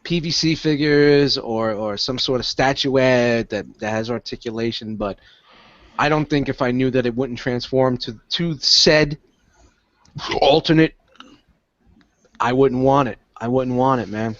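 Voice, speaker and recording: A man's voice: mid-range voice, unhurried, dry recording. A man co-hosting a casual collector chat, emphatic and swearing freely, over dull lo-fi stream audio. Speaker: podcast co-host.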